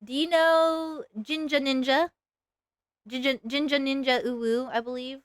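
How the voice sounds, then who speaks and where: Young woman streamer, slightly high, animated, chatty and self-mocking; dry close mic. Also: measured pace, no echo. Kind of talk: casual live-stream chat while drawing.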